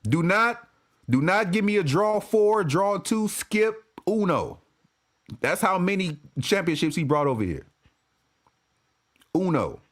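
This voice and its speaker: A man's voice: high voice, big pitch swings, slow pace, long pauses, a bit bright. A man giving a casual, profane sports-fan rant to camera, laughing and repeating himself as he goes.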